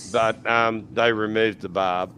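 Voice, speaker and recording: A man's voice: on the low side, steady tone, a little slow, bright, forceful tone. An Australian man telling profane stories in casual podcast chat, acting out quotes and laughing. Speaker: podcast panelist. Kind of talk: casual chat, crude storytelling. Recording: noisy background.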